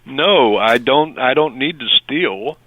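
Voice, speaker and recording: An older man answering a prank phone call, gruff and defensive. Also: mid-range voice, expressive, takes it slowly.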